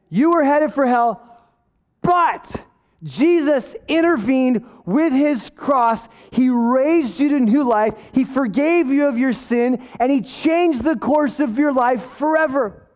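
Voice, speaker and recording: High-voiced male pastor, energetic casual preaching with jokes and asides. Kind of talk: sermon.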